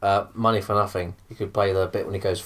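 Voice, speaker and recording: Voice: sits low, level tone, fast, fairly bright tone. A podcast co-host in casual chat, swearing and rambling in loose run-on remarks.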